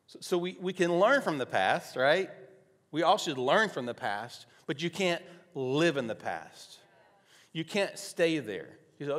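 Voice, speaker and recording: A male pastor preaching a sermon, telling a personal story softly and then rising to loud, emphatic declarations. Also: fairly high pitch, sing-song, a little slow. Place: church sanctuary. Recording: long hall reverb.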